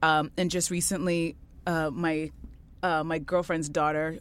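Animated woman from the Caribbean telling a story. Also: low voice, measured pace. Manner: animated storyteller, acts out quoted voices. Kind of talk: casual chat, storytelling.

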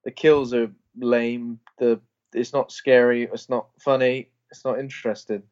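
A man's voice: medium pitch, little pitch movement, unhurried, a little mellow, dull audio. A man co-hosting a casual podcast, blunt and self-deprecating, with some mild swearing. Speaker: podcast co-host. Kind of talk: casual chat.

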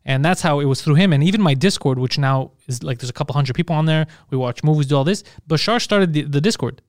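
A man's voice: fairly high pitch, fast, no echo, clean studio sound. A man hosting a casual podcast, telling stories in a rambling, profane way. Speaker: podcast host.

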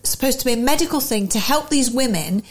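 A woman's voice: high-pitched, lively intonation, fast. A woman co-hosting a podcast in casual chat, chatty and giggly, often trailing off mid-sentence. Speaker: podcast co-host.

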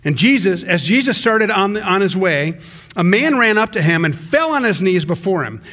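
Speaking at normal speed in a high voice, a male pastor preaches conversationally and with energy. Restarted sentences come up often.

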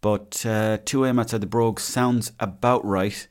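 A man in his thirties with an Irish accent and a fairly low voice, talking on his own in a loose, rambling podcast chat. He pokes fun at himself and drifts from one thing to the next. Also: steady tone, normal speed, smooth. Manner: rambling, self-mocking and chatty. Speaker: podcast host. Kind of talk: casual solo podcast chat.

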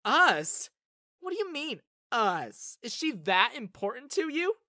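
A woman doing a high, clingy young woman. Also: sing-song, a little slow, pushed and bright, dry recording, clean studio sound, full character voice. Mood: jealous.

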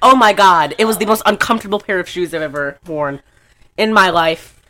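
Brief: woman podcast co-host, casual rambling chat, bright tone, giggly delivery. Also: on the low side, brisk, a little hiss or hum.

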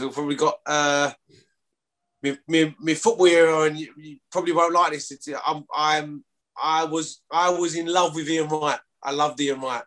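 A man's voice: on the high side, fairly even intonation, moderate pace, a bit bright. A man in his thirties with a London accent, a rugby player chatting casually as a guest, rambling with stumbling restarts and some swearing. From London, England. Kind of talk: casual chat.

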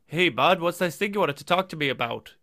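A man voicing a skeptical Canadian man who answers a podcast pitch with wary, deadpan questions. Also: brisk, no room sound, clean studio sound.

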